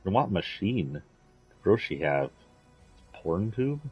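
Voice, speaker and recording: Husky-voiced man rambling as a gamer. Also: low-pitched, sing-song, takes it slowly, muffled recording, soft background music. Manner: rambling, offhand, swears. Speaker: game streamer. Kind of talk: casual chat while streaming a game. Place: indoors, playing a video game.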